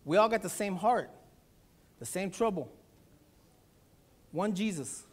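A pastor preaching a Sunday sermon, telling a family story with acted-out voices. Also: male voice, sits high, takes it slowly, breathy edge. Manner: animated storytelling, acts out voices.

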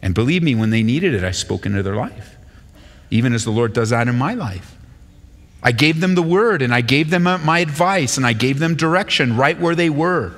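Male pastor, mid-pitched, animated sermon delivery, long hall reverb. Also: normal speed. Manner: animated, voices quoted speakers with rising pitch. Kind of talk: sermon with scripture reading. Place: church sanctuary.

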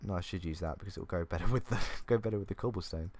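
Deep-voiced young man, chatty. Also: racing, a little mellow. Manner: chatty, self-mocking, thinking aloud. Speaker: gaming YouTuber. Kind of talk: casual gameplay commentary. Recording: faint keyboard clicks.

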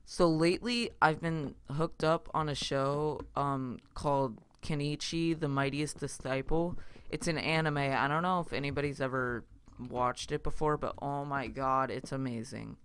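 A man's voice: medium pitch, fairly even intonation, measured pace, fairly bright tone, slight background noise. A young man casually narrating his own game play, rambling and chatty with lots of fillers and self-interruptions. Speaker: gaming YouTuber. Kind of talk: casual Minecraft let's play commentary.

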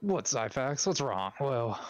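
A man's voice: medium pitch, big pitch swings, takes it slowly. A man playing in a casual tabletop game, asking questions and narrating his character's actions. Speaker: player.

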